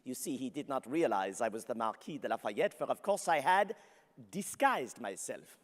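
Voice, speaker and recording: A man with a medium-pitched, expressive voice close to his everyday one speaks at normal speed as a historical character interpreter. Playing a passionate, flamboyant young French noble, he grandly recounts his story in the first person and laughs often, performing before an audience in a large convention hall whose long reverb fills the recording.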